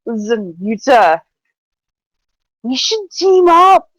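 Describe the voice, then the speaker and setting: A woman's voice: high-pitched, very animated, slow, dry recording, exaggerated voice, rough recording. A woman voicing a drunk, friendly woman who talks like a seventies hippie, rambling and slurring during a tabletop role-play game. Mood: tipsy, earnest.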